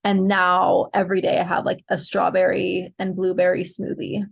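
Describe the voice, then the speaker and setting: Young woman, host, casual chatty delivery with gravelly fry, frequent fillers. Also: lowish voice, completely flat delivery, normal speed. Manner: chatty, many fillers, giggly. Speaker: podcast host sharing pregnancy updates. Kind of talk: casual chat to viewers.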